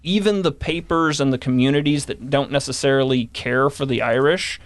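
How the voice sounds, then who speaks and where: Man, mid-pitched, podcast guest, explanatory, dry close sound. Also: brisk, dry recording. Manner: explanatory, reads from old newspapers, some fillers. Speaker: guest historian. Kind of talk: podcast conversation.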